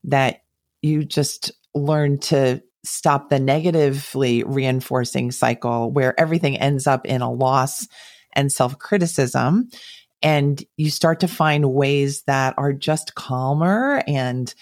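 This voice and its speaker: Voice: mid-range voice, dry recording. Thoughtful host with a dry close sound. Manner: thoughtful, measured, summarizing. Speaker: podcast host. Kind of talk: conversational interview reflection.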